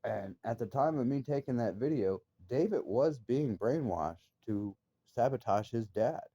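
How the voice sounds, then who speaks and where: A man's voice: mid-range voice, lively intonation, measured pace, mellow, no room sound, highs cut off. A man talking straight to his viewers in a casual monologue, telling an upsetting story in an agitated, emphatic way with frequent swearing. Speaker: vlogger.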